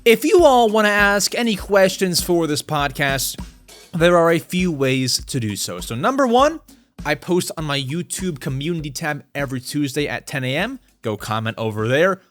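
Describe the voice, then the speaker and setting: A young male podcast host with a fairly high voice that leaps around a lot as he talks. He chats casually and excitably and often builds into fired-up, exasperated rants. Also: moderate pace, faint music behind. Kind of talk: casual solo podcast ramble.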